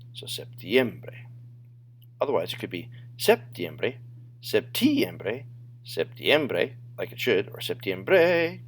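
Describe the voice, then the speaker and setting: Animated man teaching Spanish. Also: deep voice, slight background noise. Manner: animated, drawn-out modeling of phrases. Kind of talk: classroom lesson narration.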